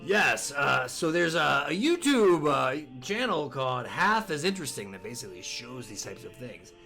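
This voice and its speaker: Dad doing a kids news show, gravelly voice, all over the place pitch-wise, lots of uh and um, faint music behind. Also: male voice, very animated, normal speed, bright, forceful tone. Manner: hesitant, many fillers, playful. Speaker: co-host and father. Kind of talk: casual kids' news chat.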